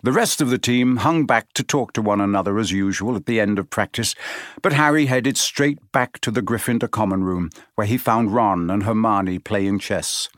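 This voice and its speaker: A man's voice: lowish voice, no room sound. Man reading an audiobook, dry close sound. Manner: measured, steady storytelling. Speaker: audiobook narrator. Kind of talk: scripted audiobook narration.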